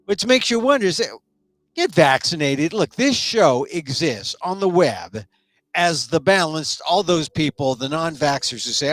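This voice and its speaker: Animated, rambling male talk host. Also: a little high, a little slow, no echo. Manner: animated, rambling, joking asides. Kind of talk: casual live-stream monologue.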